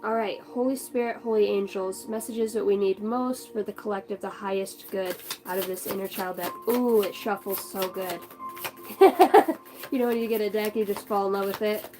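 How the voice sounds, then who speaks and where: A woman's voice: medium pitch, fairly even intonation, brisk, hardly any pauses, over music, rough recording. A young woman in a rambling, chatty vlog, doing a spiritual card reading and talking casually, with the odd swear word. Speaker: spiritual channel host.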